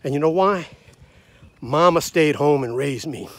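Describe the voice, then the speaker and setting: A man's voice: a little high, a little slow, no echo. A man in his sixties or seventies from the United States, delivering a blunt, combative, preachy rant straight to camera. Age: 60s to 70s. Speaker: vlogger. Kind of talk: ranting monologue to camera.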